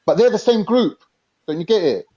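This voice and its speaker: A man in his forties argues bluntly on an online panel, his speech full of street slang and quick jabs. His voice is somewhat high and dark-toned, and it comes through dull, lo-fi call audio. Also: animated. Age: 40s. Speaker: panel guest. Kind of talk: heated online panel debate.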